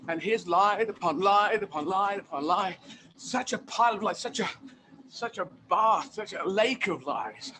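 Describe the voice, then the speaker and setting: Bright, high-voiced man chatting animatedly. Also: unhurried, slight background noise. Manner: animated, emphatic, repeats phrases for effect. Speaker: guest comedian. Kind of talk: casual interview chat.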